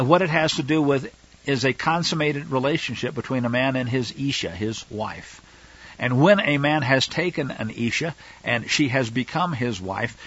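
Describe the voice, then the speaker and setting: A man teaching a Torah study in an explanatory way, halting often with fillers. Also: mid-range voice, fairly bright tone, husky, no echo, lo-fi sound. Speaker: Bible teacher.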